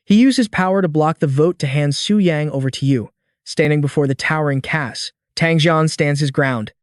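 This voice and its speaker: A man tells a comic story in a scripted recap, using casual slang and dramatic flair. His voice sits a little high. It is recorded very close and dry, with no room sound. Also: normal speed, no echo. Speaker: narrator. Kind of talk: scripted manhwa recap narration.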